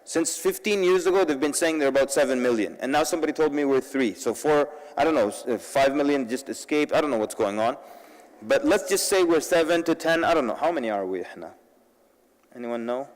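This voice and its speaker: A man giving a humorous public talk at a convention, telling stories in an animated way and mixing in Arabic words. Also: mid-range voice, fairly quick, in a large hall, poor audio. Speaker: convention speaker. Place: large convention hall.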